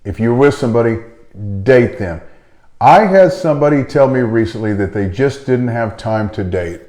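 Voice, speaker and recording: A man's voice: medium pitch, lively intonation, moderate pace, a little mellow. A middle-aged man who coaches chiropractors, giving a blunt, emphatic motivational talk.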